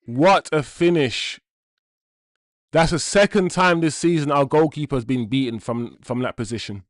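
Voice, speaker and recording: A young man streaming a live football watchalong, talking to viewers in slang and swinging between mutters and loud outbursts. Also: fairly high pitch, moderate pace, no echo, clean studio sound. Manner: loud swings from groans to shouts, slang-heavy.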